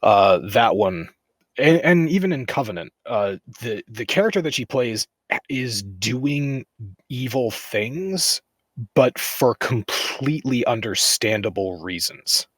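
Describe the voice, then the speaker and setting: A man's voice: mid-range voice, lively intonation, slow pace, a bit bright, slightly rough, no echo. A man co-hosting a podcast in casual chat, rambling with lots of fillers. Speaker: podcast co-host.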